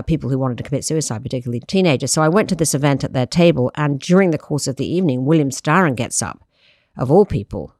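Woman guest, former editor; animated, anecdotal, dry close recording. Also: very deep voice, no echo. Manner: animated, anecdotal, lots of "you know". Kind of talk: reflective interview storytelling.

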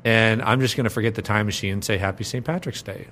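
A man's voice: fairly low pitch, steady tone, quick pace, a bit bright, slight background noise. A man hosting a podcast in casual chat, joking and rambling, laughing often. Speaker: podcast host, agency president.

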